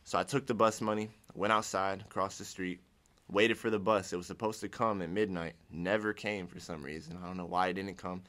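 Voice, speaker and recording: A young man from Ohio, United States, talks fairly quickly in a low-pitched, steady, slightly bright voice. Sharing his personal testimony, he rambles, restarts his sentences, and acts out things he said before.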